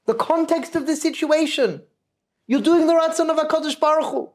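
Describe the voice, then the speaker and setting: A man's voice: very high voice, moderate pace, a little mellow, voice pushed up. A man voicing a pious, joyful old Hasidic rabbi who exhorts his brother with rising passion. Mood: fervent.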